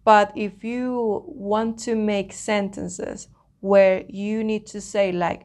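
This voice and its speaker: A woman's voice: mid-range voice, steady tone, slow, darkish tone. Patient woman teaching an online lesson. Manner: patient, explains step by step, often checks with "okay?". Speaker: Spanish teacher.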